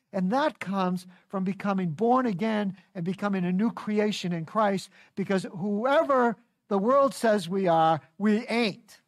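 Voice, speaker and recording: A woman's voice: medium pitch, darkish tone, dry recording, clean studio sound. A woman preaching a sermon in a folksy, teasing and emphatic manner.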